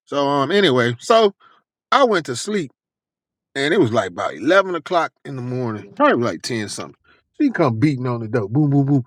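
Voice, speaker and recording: A man telling a long personal story in a casual, animated, profane way, acting out lots of dialogue. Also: a little high, fairly quick, no room sound.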